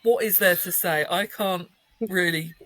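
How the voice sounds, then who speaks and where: A woman's voice: lowish voice, a little slow, a bit bright, poor audio. A woman reviewing a film on a podcast, enthusiastic and giggly, rambling a little as she talks. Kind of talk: casual film review chat.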